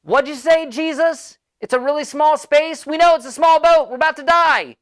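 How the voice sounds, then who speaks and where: Panicked grown men shouting in a storm, put on by a preacher, high strained yelling. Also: male voice, normal speed. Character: panicked adult male disciples yelling in a storm.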